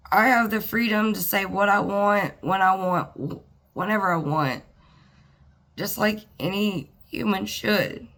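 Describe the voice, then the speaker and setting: A woman speaks slowly and plainly, taking her time between thoughts. Her voice carries a gravelly, creaky edge, and she pauses often, sighing as she reflects in an earnest, personal monologue. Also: mid-range voice, fairly bright tone. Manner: halting, with pauses and sighs. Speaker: vlogger.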